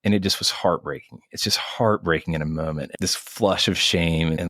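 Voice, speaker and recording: A man in his thirties, a physician guest, speaking in an earnest, measured, thoughtful way in an interview conversation. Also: low voice, a bit bright, dry recording.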